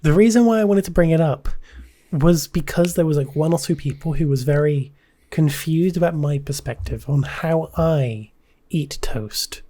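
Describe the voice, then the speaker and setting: A woman hosting a relaxed podcast, her voice mellow and soft-edged. She talks in a hesitant, searching way, often restarting and trailing off with "I don't know.". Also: sits low, moderate pace, slight background noise. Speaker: podcast host. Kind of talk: casual podcast chat.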